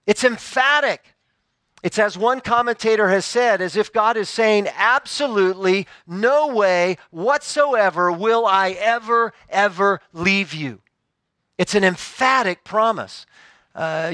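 A man preaching a sermon in a measured, earnest way, slowing down to stress key phrases. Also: high-pitched, bright, forceful tone, no room sound.

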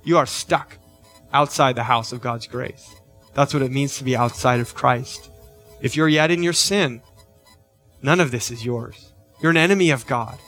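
A man's voice: medium pitch, normal speed, pauses often, fairly bright tone, soft background music. A middle-aged man preaching a sermon as pastor, earnest, often checking in with "right?" and lifting his voice on key questions.

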